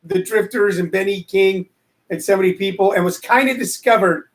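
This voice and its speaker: A man's voice: sits high, moderate pace. A man hosting a casual live show, joking and rambling as he answers commenters from the chat. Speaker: show host.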